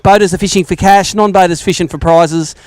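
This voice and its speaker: High, clear Australian man hosting a weigh-in. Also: fairly even intonation, a little fast, a little mellow, no echo. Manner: chatty, joking banter with anglers. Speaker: tournament weigh-in host. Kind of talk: live weigh-in commentary. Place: outdoor lakeside weigh-in stage.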